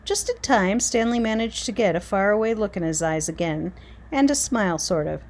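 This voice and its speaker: A woman reading a children's chapter book aloud, expressive and dramatic. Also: medium pitch, normal speed. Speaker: reader. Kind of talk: storybook read-aloud.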